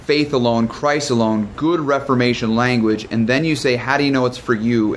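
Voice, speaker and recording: Male pastor, casual Bible study teacher, mid-range voice, quick and informal with asides. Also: mid-range voice, a little hiss or hum. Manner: informal and fast, with restarts and joking asides.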